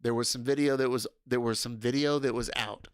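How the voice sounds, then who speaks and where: Loud excitable man streaming from home. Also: medium pitch, brisk, clear, resonant tone, no room sound, studio quality. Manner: loud, excitable, swears and laughs a lot. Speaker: livestream host. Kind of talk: casual livestream chat.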